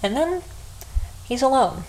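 A woman's voice: high-pitched, big pitch swings, measured pace, darkish tone, a little hiss or hum, poor audio. A woman retelling a story in a casual, chatty way, often breaking into giggles. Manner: giggly, chatty, frequent laughs.

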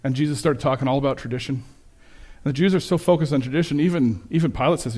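A man's voice: medium pitch, fast talker. Man preaching a casual sermon. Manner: conversational, self-correcting, animated when quoting. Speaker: pastor. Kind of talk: sermon with slides.

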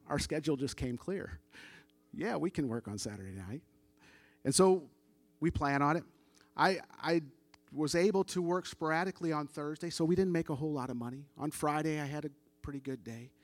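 A man's voice: on the high side, moderate pace, dry recording. A middle-aged man telling a story as a church testimony, casual and conversational, acting out the dialogue of the people he quotes. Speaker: church member giving testimony.

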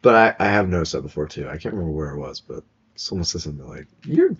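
A man's voice: rumbling low, very fast, slightly rough, muffled recording. A young man chatting casually as podcast co-host, laughing often and trailing off mid-sentence. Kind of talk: casual chat.

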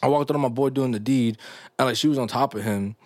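A young man hosting a podcast, telling stories in a loose, animated way full of slang and laughs. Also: medium pitch, fast talker, dry recording, studio quality. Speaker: podcast host. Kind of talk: casual podcast chat.

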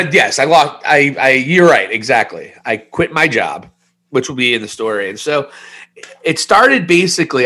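Bright-voiced man in his forties, rambling. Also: medium pitch. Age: 40s. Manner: rambling, candid storytelling with self-mocking jokes. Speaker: podcast co-host. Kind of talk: casual podcast chat.

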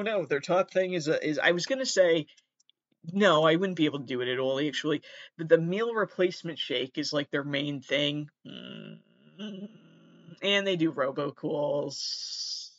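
A man's voice: on the high side, very animated, unhurried, a bit bright, no room sound. Rambling self-deprecating male podcast host. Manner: rambling, self-deprecating, stumbles over names. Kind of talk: casual comedic monologue. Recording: dull lo-fi dry sound.

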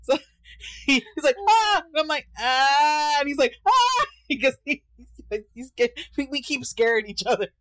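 A woman's voice: high voice, fairly quick, dry recording. Young woman podcaster, chatty and laughy, acts out her stories, dry close sound. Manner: animated storyteller, laughs often, acts out voices. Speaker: podcast co-host. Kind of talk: casual chat.

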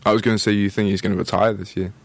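Young man from Merseyside, low voice, dry teasing, podcast guest. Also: level tone, very fast, vocal fry. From Merseyside, England. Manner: dry teasing remarks, chuckles. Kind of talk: casual chat.

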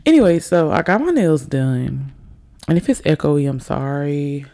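A woman's voice: sits low, animated, measured pace, dark tone. A young woman from Alabama, slightly tipsy, hosting a casual solo podcast and rambling chattily to her listeners. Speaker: podcast host. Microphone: desk microphone on camera.

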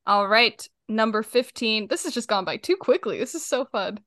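A woman's voice: a little high, expressive, normal speed, fairly bright tone, dry recording, clean studio sound. Chatty young woman, laughs often. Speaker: podcast co-host. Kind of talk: casual chat.

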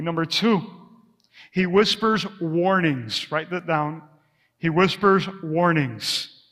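A man's voice: sits high, normal speed, pushed and bright. A man preaching a sermon as pastor of his church, passionate and conversational, sometimes dropping his voice to a whisper. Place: church sanctuary. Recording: long reverb of a church hall.

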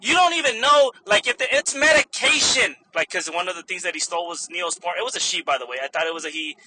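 A man's voice: sits high, expressive, quick pace, heavy background noise. A young man, a store manager, animatedly telling a story in a casual vlog, swearing freely and laughing often.

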